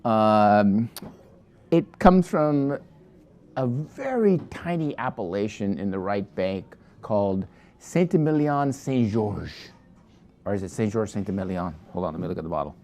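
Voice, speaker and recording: A man pitches a wine from his shop in a loose, chatty review. He rambles and sidetracks himself, restarting his sentences often, in a mellow, darker voice. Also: animated, a little slow. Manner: rambling, digressive, many restarts.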